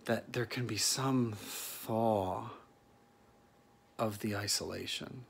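A man's voice: lowish voice, slow pace, gravelly, slightly rough. A middle-aged male actor delivering a rambling, earnest spoken monologue in a pleading tone.

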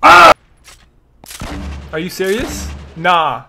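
A man's voice: high-pitched, big pitch swings, slow pace, gravelly, long pauses, heavy background noise. A young man giving live gameplay commentary, joking, trash-talking opponents and laughing often. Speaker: gaming YouTuber.

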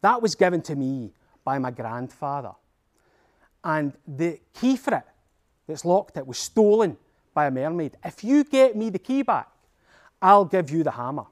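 A Scottish man puts on a grumpy old dwarf smith, guarding his treasure and bargaining hard in a lively, rising and falling voice. The dwarf is a storybook figure, sharp and unwilling to give anything away. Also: fairly high pitch, a little slow. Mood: gruff. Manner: gruff and bargaining.

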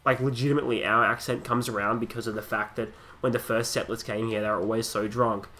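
An Australian man in his twenties talks over a wrestling game with crude jokes and loose, rambling asides. He breaks into loud, excited play-by-play calls, with faint music playing underneath. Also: medium pitch, quick pace. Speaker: gaming commentator. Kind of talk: casual let's play commentary.

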